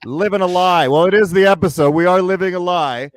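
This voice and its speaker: A man co-hosting a podcast in casual chat, excitable and quick to swear. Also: sits high. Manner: excitable, swearing, fast bursts. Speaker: podcast co-host.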